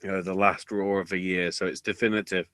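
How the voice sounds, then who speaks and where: A man's voice: low-pitched, brisk, no echo. Sweary man on a dry mic. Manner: sweary, bursts into excited shouts. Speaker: podcast co-host. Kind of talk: casual chat.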